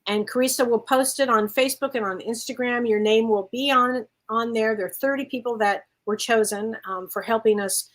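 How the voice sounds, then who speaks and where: Enthusiastic woman with a slightly high voice. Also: steady tone. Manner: enthusiastic, quick to praise and agree. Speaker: co-host, spiritual medium. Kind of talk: casual chat.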